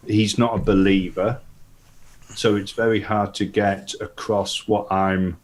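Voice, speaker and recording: A man's voice: fairly low pitch, level tone, measured pace. A man playing in a tabletop game, talking thoughtfully about his character. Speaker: player. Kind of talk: casual game talk.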